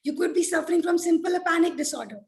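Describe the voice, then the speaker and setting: Brief: woman mental health expert, high voice, earnest explainer on a panel. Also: fast, darkish tone, low-quality recording. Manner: earnest, explanatory, frequent "you know" fillers.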